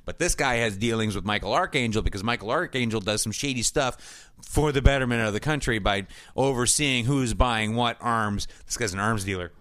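A man's voice: medium pitch, fairly quick, dry recording. A man in his forties co-hosting a podcast, casually retelling a TV episode with laughter and quoted voices. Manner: animated, laughing, acts out quotes in funny voices. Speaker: podcast co-host. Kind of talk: casual chat recapping a TV episode.

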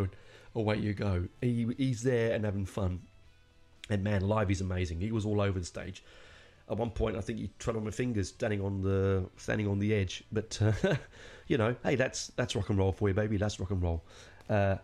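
Man, low voice, podcast host, casual album review, rambling, enthusiastic, faint music underneath. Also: darkish tone. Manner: enthusiastic and rambling, with jokey asides.

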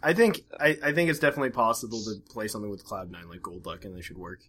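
A man co-hosts a casual podcast in a lowish, slightly bright voice, talking very fast. He rambles, full of fillers and restarts.

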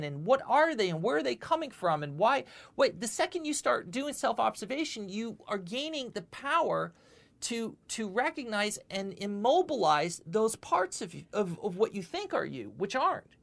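Animated woman teaching spirituality. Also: a little high, gravelly. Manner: animated, repeats words, often asks "okay?". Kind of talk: spiritual lecture with questions.

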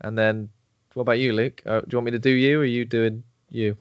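A man's voice: medium pitch, little pitch movement, fast talker, clean tone, dry recording. A man co-hosting a podcast in casual chat, joking and laughing often. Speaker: podcast co-host. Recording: dull, dry lo-fi podcast recording.

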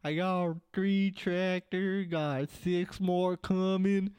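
Brief: mocking redneck rancher drawl, slow and boastful, put on by a man for laughs. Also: sits high, steady tone, darkish tone, clean tone, dry recording. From Canada.

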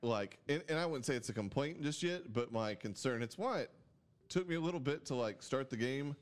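A man's voice: medium pitch, expressive, brisk. A man in casual chat about a video game, mostly agreeing and adding short thoughts.

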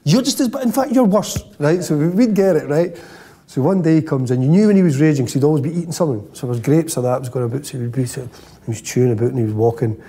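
A man's voice: medium pitch, very fast, slightly rough. A man, a former footballer, telling a dressing-room anecdote and checking in with "right?" as he goes. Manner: lively, peppers lines with "right?". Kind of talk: storytelling anecdote.

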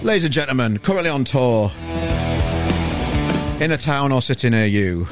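A man with a Northern English accent from Sheffield hosts a casual podcast chat from his bedroom over a video call. He talks in a friendly, matey way, tripping over his words and restarting. Guitar music plays clearly underneath. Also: mid-range voice, lively intonation, normal speed. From Sheffield, England. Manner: chatty, stumbling restarts, matey. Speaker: podcast host. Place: bedroom at home. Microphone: online video call.

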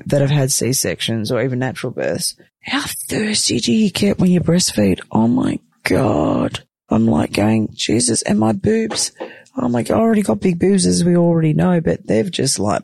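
A woman's voice: sits low, vocal fry, dark tone, husky, dry recording. An exhausted woman who has just given birth, chatting frankly and exclaiming often in a personal vlog from a hospital room. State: exhausted after giving birth. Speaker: vlogger, new mother.

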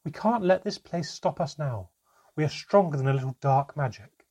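A man's voice: fairly high pitch, lively intonation, normal speed, darkish tone, breathy edge, pitched above the performer's own voice. A man voicing a protective mother in a storybook, talking urgently and pleading. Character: frightened woman, a mother, fierce and protective.

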